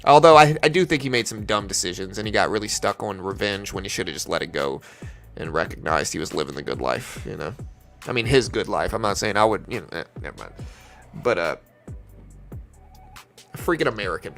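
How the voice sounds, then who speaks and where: Over soft background music, a man with a light South Louisiana accent hosts a live trading stream. His voice is on the low side, gravelly yet fairly bright, expressive and brisk. He chats casually, answering viewers' messages while calling out market moves.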